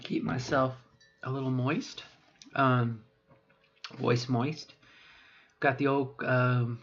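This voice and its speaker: A middle-aged trans woman speaking in her unaltered voice for a voice training vlog, meandering and hesitant, correcting herself often. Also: rumbling low. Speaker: vlogger. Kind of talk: voice training vlog, rambling self-talk. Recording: dull lo-fi recording.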